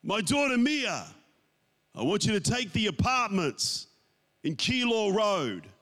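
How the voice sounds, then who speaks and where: A man voicing a frail dying old man who slowly dictates his will in a joke told from the pulpit. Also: sits high, big pitch swings, bright, forceful tone, big-room sound, exaggerated voice.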